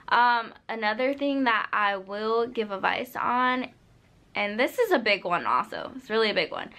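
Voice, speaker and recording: Speaking to the camera in a vlog, a young woman hands out loose, unscripted advice peppered with "like" and "you know." Her medium-pitched voice sounds bright and forceful, and her delivery is sincere and direct.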